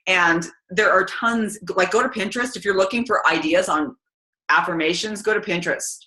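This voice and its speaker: A chatty, energetic woman, giving a casual motivational talk to her team. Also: medium pitch, normal speed. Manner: chatty and energetic, many fillers. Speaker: team call speaker. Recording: roomy echo.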